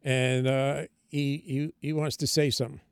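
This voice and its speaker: A man's voice: medium pitch, normal speed, clear, resonant tone, no echo, clean studio sound. An older man, a comedian, telling a story in casual talk and acting out the quoted voices. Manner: animated anecdote telling, acts out quoted voices. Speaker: comedian guest.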